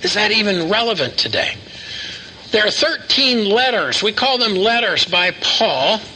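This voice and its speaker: A man's voice: high voice, big pitch swings, unhurried, pushed and bright, slight background noise, poor audio. An older man preaching a sermon in a folksy storytelling manner, full of asides and repeats. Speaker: pastor.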